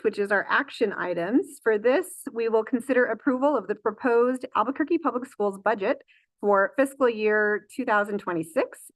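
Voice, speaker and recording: A woman's voice: mid-range voice, no room sound. Woman chairing a board meeting. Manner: procedural, with fillers and self-corrections. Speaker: school board president.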